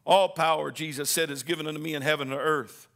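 A man preaching a sermon, calling on the congregation to answer back and rising into shouted lines. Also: on the high side, fairly even intonation, fast talker. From Southern Indiana.

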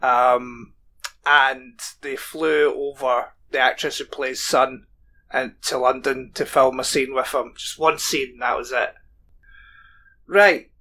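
A man's voice: medium pitch, fairly even intonation, slow, pushed and bright. A man co-hosting a casual podcast, chatting about a TV show and reading plot summaries aloud. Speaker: podcast co-host. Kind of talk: casual chat.

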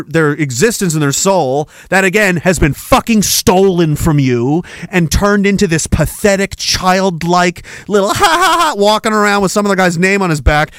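A man's voice: high-pitched, creaky, fairly bright tone, no room sound, studio quality. A man hosting a podcast, delivering a heated, profane monologue with mocking sarcasm. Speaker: podcast host.

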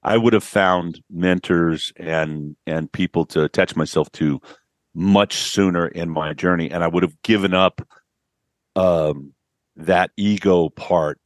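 A man's voice: low-pitched, fairly even intonation, takes it slowly, no echo, clean studio sound. A man, a business coach, telling stories of clients on a podcast and acting out their quotes. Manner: storytelling, acts out quotes with a rising voice. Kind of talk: podcast interview.

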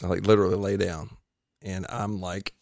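A man telling a long story on a podcast in a casual, animated way, acting out other people's voices. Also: sits low, moderate pace, gravelly, no echo, studio quality. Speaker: podcast guest.

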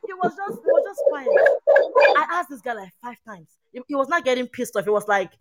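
A woman, chatting on a podcast panel and telling a story in an animated, emphatic way. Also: high voice, brisk. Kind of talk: casual chat.

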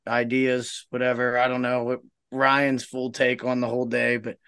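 A man's voice: medium pitch, normal speed, clear, resonant tone, no echo. A man co-hosting a casual fishing podcast, telling a story with plenty of laughter and acting out what his father said. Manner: laughing storyteller, lively impressions of his dad. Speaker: podcast co-host; tournament organizer. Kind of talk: casual chat.

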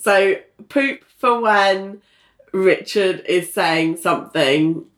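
A woman's voice: medium pitch, very slow, a bit bright, echoey room. A woman co-hosting a casual podcast, chatting loosely, laughing often and swearing freely. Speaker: podcast co-host. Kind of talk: casual chat.

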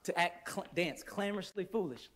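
High-voiced man preaching fervently. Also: moderate pace, slight background noise. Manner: fervent preaching with sudden loud bursts and hushed stretches; playful storytelling asides with laughter. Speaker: worship pastor. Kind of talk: sermon. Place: church sanctuary before a congregation.

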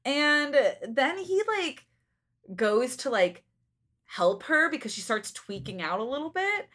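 Young woman podcast co-host; high-pitched, jokey, laughs often. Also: slow. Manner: joking, animated, laughs often. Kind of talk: casual book-recap chat.

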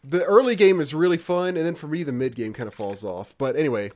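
A man's voice: on the high side, fast, a little mellow. Chatty man reading listener letters. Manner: reads listener letters aloud, chatty with fillers. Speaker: podcast co-host reading listener comments. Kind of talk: casual chat.

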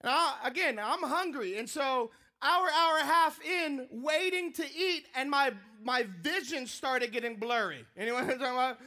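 A man preaching a sermon, telling a funny personal story in an animated, joking way. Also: very high-pitched. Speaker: pastor.

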